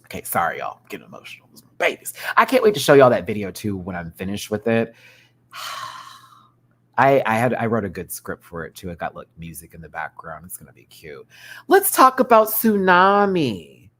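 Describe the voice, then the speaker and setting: A man hosting a live review stream, chatting casually with viewers in an animated, expressive way, laughing often. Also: sits low, fairly quick.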